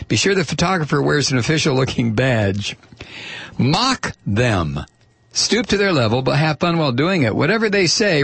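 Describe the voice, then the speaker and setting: Male talk radio host, husky and dry, opinionated reader of listener mail. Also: medium pitch, a bit bright, dry recording. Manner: chatty and opinionated, reads listener mail aloud.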